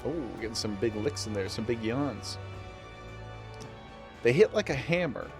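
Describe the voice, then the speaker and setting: A man's voice: mid-range voice, expressive, moderate pace, over music. A man streaming a game, chatting casually to chat in a playful, self-mocking way. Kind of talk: casual gameplay commentary.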